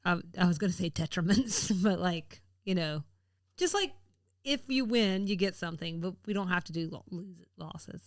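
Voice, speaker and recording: Playful, animated Southern woman co-host. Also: fairly low pitch, normal speed, no echo, studio quality. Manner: playful, a bit self-conscious, trailing off. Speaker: podcast co-host. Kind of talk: casual podcast chat.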